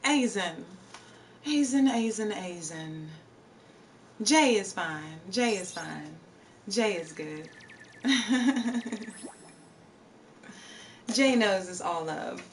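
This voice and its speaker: A woman's voice: mid-range voice, expressive, very slow, pauses often, a little hiss or hum. Chatty woman streamer, slightly distant mic. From Virginia, USA. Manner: chatty, reads out and answers chat. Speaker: live streamer. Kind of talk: casual live stream chat. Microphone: streaming setup.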